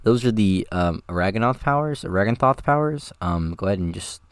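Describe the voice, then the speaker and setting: A man's voice: lowish voice, lively intonation, brisk, clean tone, no room sound, clean studio sound. A man recording voice lines, chatting casually between takes and rambling through hesitant fillers. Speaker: voice actor.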